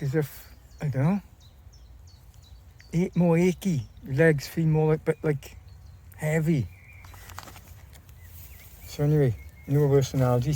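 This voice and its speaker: A man's voice: fairly high pitch, mellow. A man vlogging in a casual, rambling way, often repeating and restarting his phrases. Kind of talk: casual talk to camera.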